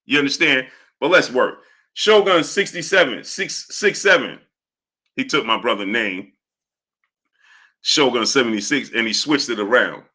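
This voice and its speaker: A man hosting a live stream, greeting viewers by name and repeating catchphrases in a lively way. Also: medium pitch, measured pace, long pauses. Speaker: live-stream host reading viewer chat. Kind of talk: casual live-stream chat.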